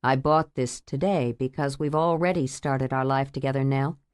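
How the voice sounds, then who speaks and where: A woman voicing an earnest, tender man in love who speaks quietly and steadily, in a romance audiobook. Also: normal speed, smooth, no echo, studio quality. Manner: quiet, steady, low-voiced. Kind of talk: audiobook character voice.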